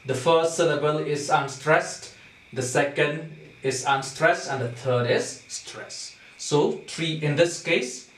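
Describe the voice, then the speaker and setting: A man's voice: fairly high pitch, fairly bright tone. A man teaching a class on poetic meter, explaining step by step and often asking "okay?" to check that students follow. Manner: slow, repetitive, checks understanding with "okay?". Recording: echoey room, distant mic.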